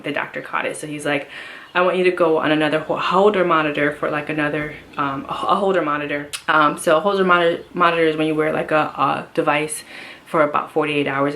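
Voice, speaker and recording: Woman vlogger, low pitch, chatty rambling delivery with lots of restarts. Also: a bit bright. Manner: rambling, many fillers and restarts. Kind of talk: casual personal health update.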